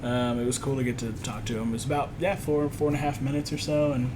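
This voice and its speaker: A man on a podcast, casually telling an animated story and acting out what others said. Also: mid-range voice, quick pace, noisy background. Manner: animated storytelling, acts out quotes. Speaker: podcast co-host. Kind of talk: casual chat.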